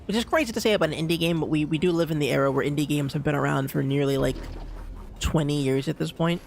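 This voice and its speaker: Fast-talking young man streaming a game. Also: a little high, gravelly, faint music behind. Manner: rambling, goofy mock threats, repeats phrases. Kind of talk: live gameplay commentary.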